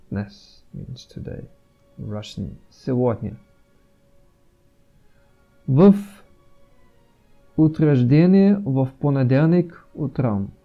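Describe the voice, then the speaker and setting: A man whose first language is Dutch walks through a language lesson, speaking slowly with a mellow tone. He repeats each word and fills gaps with "um". The sound is muffled and lo-fi, with faint music underneath. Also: medium pitch, creaky. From Netherlands. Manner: explains slowly, repeats words, many fillers. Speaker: language vlogger.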